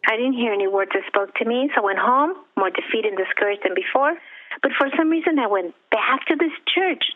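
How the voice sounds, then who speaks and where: A woman guest telling her personal testimony with deep feeling, at times close to tears, quoting her own past thoughts. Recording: tinny phone-like line.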